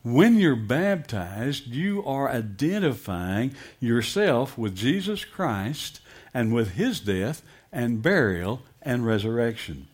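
A man's voice: mid-range voice, sing-song, slow, breathy edge. A middle-aged pastor preaching a sermon, emphatic and asking his congregation direct questions.

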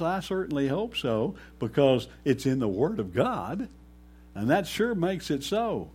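A man preaching a sermon slowly and emphatically, pausing often and rising to sudden loud peaks. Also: a little high, big pitch swings, slightly rough. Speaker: pastor.

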